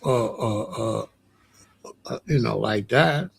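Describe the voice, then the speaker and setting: A man in his sixties hosting a livestream, chatting casually to his live chat in a slow, repetitive, drawling way. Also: mid-range voice, vocal fry, slight background noise. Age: 60s. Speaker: livestream host.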